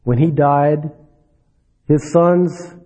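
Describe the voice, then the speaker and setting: A man preaching a sermon, dropping low and soft then rising for emphasis. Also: steady tone, extremely slow. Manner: dramatic, swings between soft drops and rising emphasis. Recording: dull lo-fi recording.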